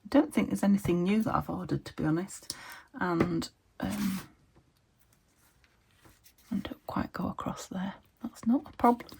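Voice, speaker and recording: A British woman crafts at her desk at home and chats casually to her viewers, half talking to herself and reaching for words. Her mid-range voice is a little slow and a little mellow with vocal fry, and there's slight background noise.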